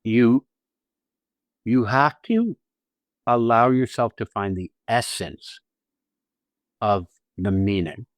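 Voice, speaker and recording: A man's voice: mid-range voice, lively intonation, slow, long pauses, no room sound. A man co-hosting a podcast on acting, explaining technique in casual chat, blunt and profane, stressing points and restarting phrases. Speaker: podcast co-host and acting teacher.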